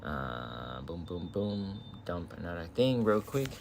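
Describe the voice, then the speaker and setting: Australian man, young adult, low voice, casual live-stream chat, faint hiss behind. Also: big pitch swings, slow, few pauses. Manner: casual, chatty, loose with swearing. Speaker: game streamer.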